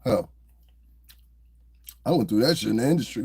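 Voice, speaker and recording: A man's voice: medium pitch, expressive, moderate pace, creaky, mellow, husky. A man hosting a podcast, talking loosely and profanely as a laughing storyteller. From New Jersey. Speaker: podcast host. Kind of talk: casual commentary monologue.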